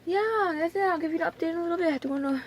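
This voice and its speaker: Chatty high-voiced young woman vlogger. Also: racing, slight background noise. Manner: chatty, dramatic, lots of "like" and "oh my God". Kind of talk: casual vlog storytelling.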